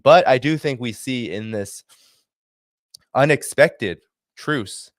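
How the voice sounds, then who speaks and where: Low-voiced man arguing forcefully. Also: no room sound, clean studio sound. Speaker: guest commentator. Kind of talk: political commentary on a livestream.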